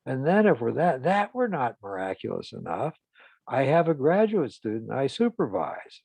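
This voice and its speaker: Older male therapist, gravel in the voice, halting storyteller, dry close sound. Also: medium pitch, no room sound. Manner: halting, with frequent restarts and soft laughs. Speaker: psychotherapist. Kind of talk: reflective storytelling in a group session.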